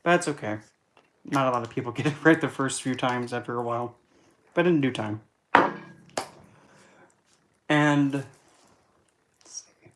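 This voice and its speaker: A man's voice: medium pitch, unhurried, pauses often, fairly bright tone, slight background noise. A man giving a casual, blunt monologue as an occult vlogger, chatting and joking darkly as he corrects himself.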